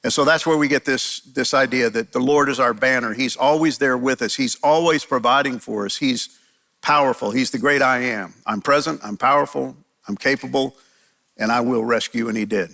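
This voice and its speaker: A male pastor preaches in an easy, conversational way. His phrases often stop and restart. His voice sounds bright and a little tense. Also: medium pitch, normal speed, vocal fry. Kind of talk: sermon.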